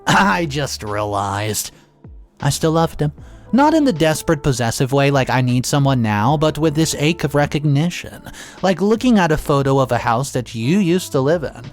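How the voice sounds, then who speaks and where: Expressive male story narrator, slightly high voice. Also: a little fast, soft background music. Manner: expressive, dramatic reading with occasional restarts. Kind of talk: first-person story narration.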